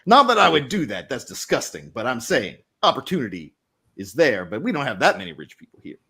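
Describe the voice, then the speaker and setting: A man's voice: medium pitch, huge pitch swings, fairly quick, pushed and bright, breathy edge, exaggerated voice. A man playing a chatty small-town reporter. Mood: confiding. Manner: chatty, rambling, conspiratorial. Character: gossipy middle-aged male small-town newspaper reporter. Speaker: game master. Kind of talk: in-character tabletop role-play.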